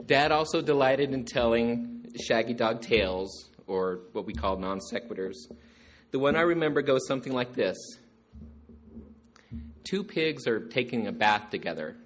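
A man telling stories about his father to a gathering, animated and acting out the jokes. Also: mid-range voice, normal speed, slight background noise. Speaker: storyteller remembering his father. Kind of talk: storytelling to a gathering.

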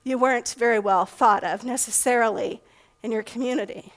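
Brief: middle-aged woman preacher with a high voice and a relaxed, conversational sermon delivery. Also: brisk, low-quality recording. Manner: conversational, asks rhetorical questions. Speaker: pastor.

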